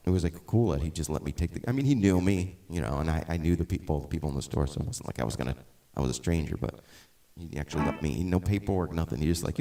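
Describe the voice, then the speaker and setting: Deep-voiced rambling middle-aged man. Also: dark tone. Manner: rambling, with many restarts and tangents. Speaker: musician and live-stream host. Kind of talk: casual chat on a live stream.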